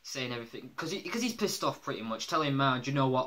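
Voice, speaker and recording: Brief: male reviewer, bright, forward tone, loose and chatty with frequent laughs and filler words. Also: mid-range voice, animated, quick pace, few pauses. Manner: rambling, laughs often, many fillers. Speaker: episode reviewer. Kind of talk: casual spoken review.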